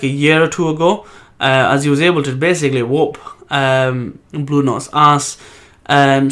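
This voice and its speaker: A man's voice: fairly high pitch, pushed and bright. A man hosting a casual solo comic review, rambling with many ums and restarts. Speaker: manga reviewer host.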